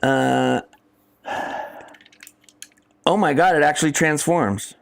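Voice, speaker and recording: A man's voice: a little high, slow, creaky. A man from the United States co-hosting a casual chat while unboxing fan mail, easygoing and laughing often. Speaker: podcast co-host.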